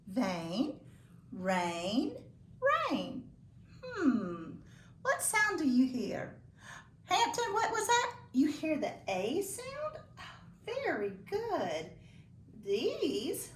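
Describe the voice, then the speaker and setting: Woman, phonics teacher for young kids; higher, animated voice, patient and full of praise; roomy echo. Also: a little hiss or hum. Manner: encouraging, slow and deliberate, praising pupils. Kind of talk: phonics lesson for young children.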